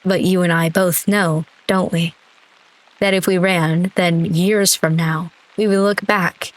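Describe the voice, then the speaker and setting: A woman's voice: sits high, no echo, pitched above the performer's own voice, poor audio. A woman doing a dramatic, mischievous young friend. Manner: dramatic, exaggerated panache.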